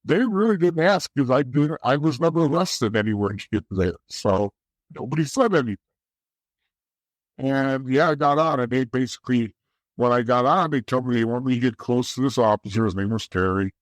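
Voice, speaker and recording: A man's voice: medium pitch, animated, moderate pace, no room sound. Blunt, profane man telling his story. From East Coast of the United States. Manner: blunt and profane, restarts often. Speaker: interview guest. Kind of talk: candid storytelling.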